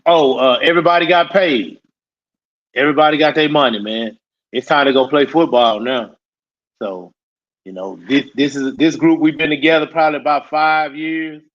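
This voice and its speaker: A man's voice: on the high side, normal speed, fairly bright tone. A man on a sports podcast panel, talking in a laid-back, casual way that often repeats words and tags lines with "man". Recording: dull lo-fi sound.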